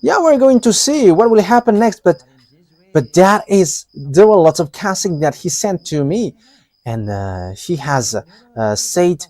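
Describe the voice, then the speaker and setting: A man delivers a live religious teaching in a fairly high voice that swings widely up and down. He talks hesitantly, stumbling through fillers and restarts and breaking into laughs. The sound is dry and close, with no room echo. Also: sing-song, unhurried, warm tone.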